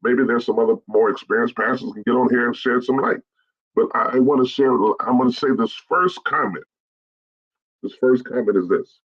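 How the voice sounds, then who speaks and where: A man's voice: medium pitch, moderate pace, slightly rough, highs cut off. A middle-aged man, a bishop, giving a blunt straight-talk message to pastors, repeating his points to drive them home.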